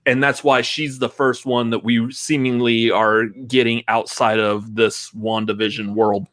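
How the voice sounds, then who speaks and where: A man's voice: mid-range voice, flat delivery, unhurried, fairly bright tone, dry recording. Casting: male co-host, rambling theorist, dry close sound. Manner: rambling theorizing with restarts and laughs. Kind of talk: casual review chat.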